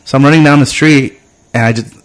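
A man in his thirties telling a story in casual podcast chat, swearing freely and animated in his delivery. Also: mid-range voice, fast. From immigrant. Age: 30s.

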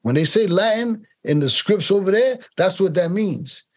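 A man's voice: high-pitched, animated, normal speed. A man in a casual interview, talking as a casting director. He rambles and repeats words while finding his point, and mimics other people's accents when he tells a story.

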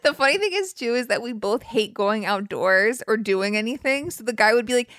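A young woman co-hosts a podcast, teasing and playful in casual chat. Her voice is slightly high. The recording is close and dry. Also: animated, fairly quick, fairly bright tone, no echo. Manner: playful, teasing, laughing often. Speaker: podcast co-host.

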